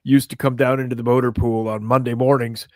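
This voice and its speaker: A man's voice: mid-range voice, little pitch movement, brisk, darkish tone, dry recording, studio quality. A man co-hosting a casual talk show, speaking emphatically and agreeing with the others. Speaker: co-host. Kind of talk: casual podcast banter.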